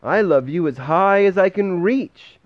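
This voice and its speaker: Man reading an eager little hare child: earnest, pitched up, swooping storybook delivery, slightly dull home sound. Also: measured pace, no room sound. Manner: excited, earnest, higher than the reader's voice. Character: small eager young male hare, sleepy child.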